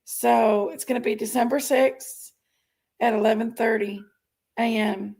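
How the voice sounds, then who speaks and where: A woman's voice: fairly high pitch, fairly even intonation, unhurried, gravelly, darkish tone. A woman hosting a casual livestream, chatting and greeting viewers by name as she reads their comments. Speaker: livestream host reading chat.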